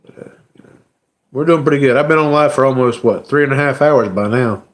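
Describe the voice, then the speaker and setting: Male streamer host, mid-pitched, casual, emotional, halting with many fillers. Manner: emotional, halting, lots of "you know" fillers. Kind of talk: casual live-stream chat.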